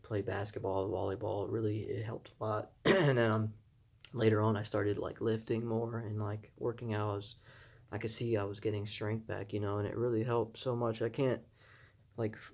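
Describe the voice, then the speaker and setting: A young man talks through a personal story in a loose, unscripted way, circling back with fillers and quoted asides. His voice sits low and sounds mellow and warm, and he stays earnest, with small laughs at his own expense. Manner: rambling, many fillers and "I was like" asides, earnest; laughs softly at himself. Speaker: vlogger sharing his recovery story.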